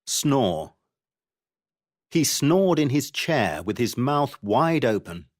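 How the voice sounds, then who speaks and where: A man reading vocabulary explanations and example sentences for a textbook, clearly and expressively. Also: mid-range voice, very animated, slow pace. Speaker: textbook audio reader.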